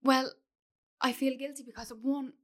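A woman's voice: high voice, fairly even intonation, normal speed, fairly bright tone. A woman speaking earnestly in a conversation about grief, with many "like" fillers. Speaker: guest.

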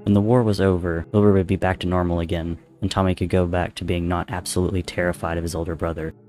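A man reading a fan-written story aloud, narrating in a steady, measured way. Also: low-pitched, faint music behind.

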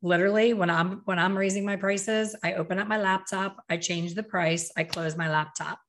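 A woman co-hosting a casual podcast chat about salon work, lively and animated as she acts out clients. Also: mid-range voice, moderate pace. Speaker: co-host, salon coach.

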